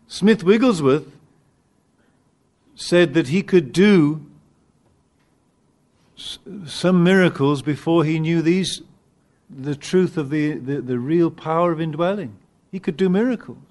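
A man preaching a sermon, animated and emphatic at times, with halting restarts as he searches for words. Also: a little high. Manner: animated, rising to emphatic peaks.

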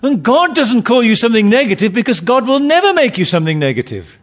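A man's voice: very high voice, big pitch swings, quick pace. A man preaching a sermon, emphatic, often repeating and restarting his phrases.

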